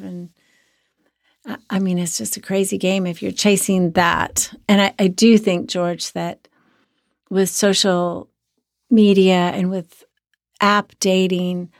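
A hoarse woman co-hosting a podcast as a sex therapist, talking in an earnest, reflective way. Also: medium pitch, dry recording, studio quality. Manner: earnest, reflective, many restarts. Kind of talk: casual podcast chat.

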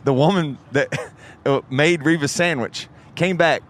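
Man, high voice, podcast co-host, animated storyteller, laughing. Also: unhurried. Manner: animated, acts out quotes, laughs often. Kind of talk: casual storytelling.

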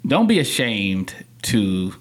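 Animated man telling stories in interview. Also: slow pace. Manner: animated storyteller, acts out quotes with big pitch jumps. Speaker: podcast guest, songwriter. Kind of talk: candid interview talk. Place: podcast studio.

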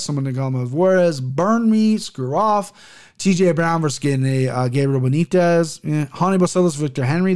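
A man's voice: fairly high pitch, a little mellow. A man hosting his own podcast in casual solo chat, rambling, swearing freely and stumbling over names. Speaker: podcast host.

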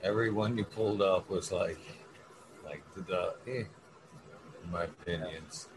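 A man in relaxed casual chat with a slow, drawling delivery. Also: low voice. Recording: noisy background.

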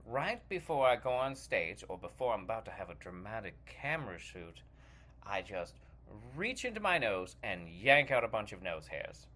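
Brief: pompous famous actor with a British accent, put on by a man, patronizing, animated delivery. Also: fairly low pitch, normal speed, pitched below the performer's own voice, heavily acted. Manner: grand and patronizing, calls others 'dear fellow' and 'chap'. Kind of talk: comedy sketch.

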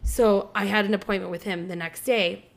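A woman in her thirties, hosting a podcast, telling a candid personal story in casual chat. She talks in an animated way, swears freely, and acts out the people she quotes. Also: medium pitch, fairly quick, creaky.

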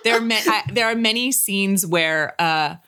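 A woman's voice: mid-range voice, normal speed, sharp tone, clear, resonant tone. A woman talking casually as an interview guest, gushing and restarting her sentences often. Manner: chatty, gushing, many restarts and fillers. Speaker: actress and guest. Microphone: podcast microphone.

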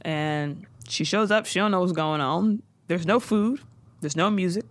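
A woman co-hosting a casual chat who recaps a show in a lively, profane way and acts out the quotes. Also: on the low side, measured pace. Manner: animated, profane storytelling with acted-out quotes. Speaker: podcast co-host recapping a TV show.

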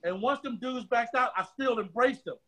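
A man telling stories as a podcast guest, animated and repetitive, with street slang and swearing. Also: very high voice, moderate pace. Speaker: guest, trucking business owner. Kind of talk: casual storytelling.

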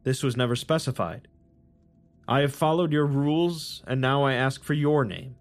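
A man's voice: mid-range voice, soft background music, lightly acted. A man voicing a sly, taunting fae creature. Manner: formal, measured, taunting. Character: cunning name-stealing fae creature, sly and mocking.

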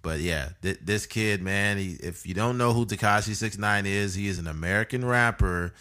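Young male co-host, low and punchy voice, blunt and profane, casual banter. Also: normal speed. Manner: blunt, swears freely, animated asides. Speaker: podcast co-host. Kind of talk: casual chat.

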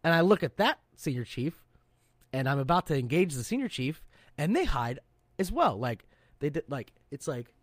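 A man hosting a podcast, telling loud, profane stories in a casual chat. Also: fairly high pitch, normal speed, no room sound. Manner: loud, profane, animated storyteller. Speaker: podcast host, serving sailor.

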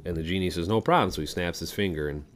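A low-voiced man tells a long joke on a podcast. He rambles with fillers and the odd swear word, casual and unhurried. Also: fairly even intonation. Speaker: podcast co-host.

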